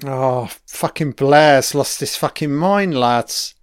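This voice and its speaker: Slow, profane man doing film commentary. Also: mid-range voice, clean tone, no echo, clean studio sound. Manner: profane, enthusiastic, frequent swearing; rambling with trailing-off asides. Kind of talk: casual audio film commentary.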